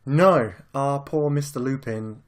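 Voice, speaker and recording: A man's voice: medium pitch, takes it slowly. A British man casually chatting about films as a podcast co-host, laid-back and rambling, swearing now and then. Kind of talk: casual film chat.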